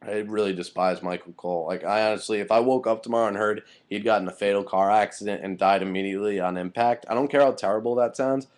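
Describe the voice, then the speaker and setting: A man's voice: on the low side, steady tone, quick pace, hardly any pauses, a little mellow. A young man giving a casual, heated recap of a wrestling show, angry and swearing freely.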